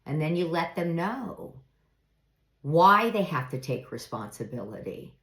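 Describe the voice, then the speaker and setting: A middle-aged woman giving earnest, reflective life advice in an unhurried monologue, now and then acting out example phrases. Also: sits low, sing-song, fairly bright tone. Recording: echoey room.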